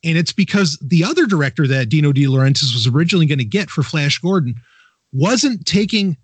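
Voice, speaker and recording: A man's voice: on the high side, husky, dry recording. A man hosting a podcast, talking enthusiastically in a rambling casual chat with many restarts. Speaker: podcast host.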